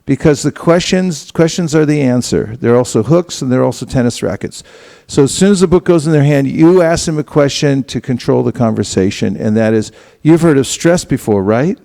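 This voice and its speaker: Gravelly-voiced man teaching a seminar. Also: mid-range voice, brisk. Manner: lively, acts out dialogue with casual asides. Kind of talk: instructional talk to a group. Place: temple hall.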